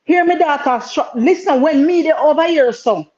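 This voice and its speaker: A Jamaican woman co-hosting a live-stream chat. She talks in patois, with emotion, and repeats herself when she gets worked up. Her voice sits fairly high and comes through on dull, lo-fi audio. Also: moderate pace, a little mellow. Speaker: co-host.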